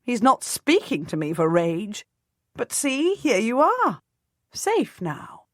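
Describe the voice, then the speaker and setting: Audiobook queen, read by a woman: eager, commanding, pitched up, excited. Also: slow pace, no room sound, clean studio sound, full character voice. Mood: urging. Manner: excited, urgent.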